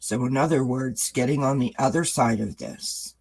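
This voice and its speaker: A man's voice: mid-range voice, moderate pace, vocal fry, slightly rough, low-quality recording. A man giving a live-streamed tarot reading, reassuring his viewers and greeting the chat by name. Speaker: tarot reader.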